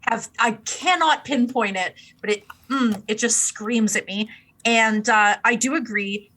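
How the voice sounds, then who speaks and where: A woman's voice: fairly high pitch, unhurried, pushed and bright, a little hiss or hum, poor audio. A woman co-hosting a casual music review podcast, playful and self-deprecating, acting out her reactions. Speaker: podcast co-host.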